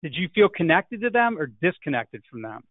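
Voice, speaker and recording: A man's voice: fairly high pitch, sing-song, fairly quick, no room sound. A man teaching an online sales class, emphatic and peppered with "right?" tags. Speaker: sales coach. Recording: tinny phone-like line, dry.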